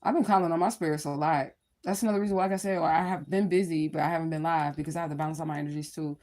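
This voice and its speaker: This livestream host has a deep, slightly mellow voice with a steady tone, and she talks very fast. She speaks straight to her viewers in a casual, candid, rambling way, swearing freely.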